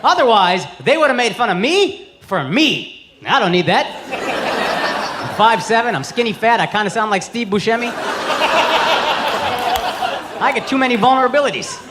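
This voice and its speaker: A man in his thirties doing stand-up comedy, loud, brash and profane, shouting his punchlines. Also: very high voice, sing-song, moderate pace, long pauses, very noisy. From United States. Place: large theater on stage. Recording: live stage recording with loud crowd laughter. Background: loud audience laughter.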